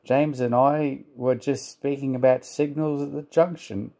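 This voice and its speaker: A man voicing a sly big male express engine, smooth and flattering. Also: mid-range voice, measured pace, voice pushed up, close to an everyday voice.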